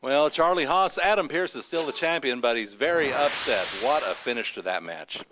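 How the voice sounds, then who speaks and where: A man's voice: mid-range voice, lively intonation, moderate pace. Upbeat male interviewer, noisy background. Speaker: backstage interviewer. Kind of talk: post-match interviews. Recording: background noise.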